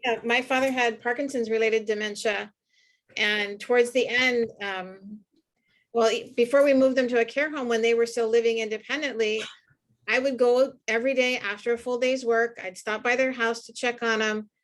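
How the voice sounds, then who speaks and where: A woman's voice: on the high side, steady tone, moderate pace. A woman talk show guest recounting a caregiving experience in a plain, matter-of-fact way. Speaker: caregiver support co-founder. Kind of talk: personal account on a talk show.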